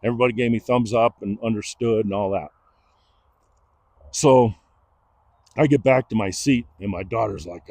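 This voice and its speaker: A middle-aged man, telling a personal story in a casual, animated way and acting out the voices of the people he quotes. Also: fairly low pitch, normal speed, pauses often. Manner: animated, acts out quoted dialogue.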